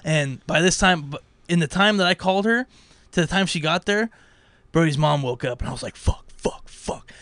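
A young man telling a story in casual chat, animated and swearing, acting out what others said. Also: a little high, a little fast, clear, resonant tone, no room sound. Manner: animated, swearing, acts out quotes.

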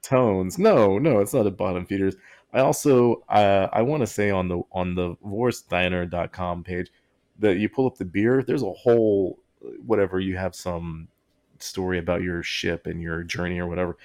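A man's voice: deep voice, normal speed, a little mellow. A man co-hosting a podcast in casual chat, rambling and often breaking into laughter mid-sentence. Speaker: podcast co-host.

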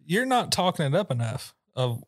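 A man in casual podcast chat, blunt and profane, ribbing his co-host with quick jokes. His voice is recorded close and dry with no room around it. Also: on the high side, big pitch swings, dry recording.

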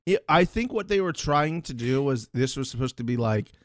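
A man co-hosting a casual podcast recap, joking and expressive. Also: mid-range voice, normal speed, no room sound, clean studio sound. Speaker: podcast co-host.

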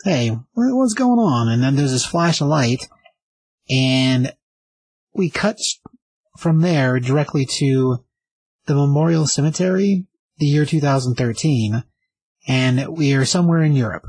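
A man's voice: mid-range voice, measured pace, long pauses, darkish tone, breathy edge, rough recording. A man hosting a casual comic book review, retelling the story with enthusiasm and many fillers. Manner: rambling, enthusiastic summary with fillers.

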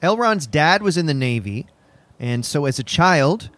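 Male co-host, fairly high and very lively voice, jokey and quick to laugh. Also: dry recording. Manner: animated, laughs often, jokey. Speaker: podcast co-host. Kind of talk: casual comedic chat.

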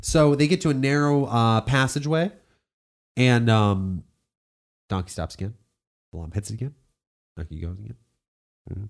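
A young man co-hosting a podcast retells a story in a casual, sarcastic way and swears freely. His voice sits at an ordinary middle pitch, with a relaxed, offhand delivery. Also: normal speed, vocal fry, long pauses. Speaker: podcast co-host.

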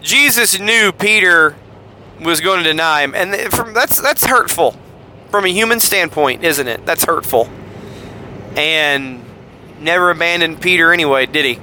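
A man's voice: a little high, expressive, moderate pace, pushed and bright, a little hiss or hum. A man with a Southern US accent hosting a podcast, casually retelling Bible passages and acting out the quoted lines in voices. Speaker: podcast host.

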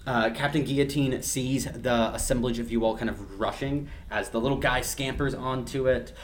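A man's voice: mid-range voice, fairly even intonation, moderate pace, slight background noise. A man narrating as game master for a tabletop game, rambling with lots of fillers and laughing along with his players.

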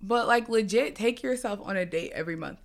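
A woman's voice: mid-range voice, a little fast. A woman in her late twenties co-hosting a casual podcast chat, telling stories animatedly and acting out the quotes. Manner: animated storyteller, acts out quotes. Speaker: podcast co-host.

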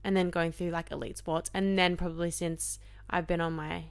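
A young woman talks candidly in casual podcast chat, with lots of fillers. Her voice sits on the low side, and the sound is dry and close. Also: level tone, normal speed, creaky, clean tone, dry recording. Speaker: podcast co-host.

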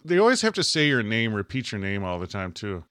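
A man's voice: on the low side, very animated, brisk, fairly bright tone, no echo, studio quality. A man co-hosting a podcast in casual comedic chat, joking and slipping into silly voices now and then. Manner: jokey, drops into silly put-on voices. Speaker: podcast co-host.

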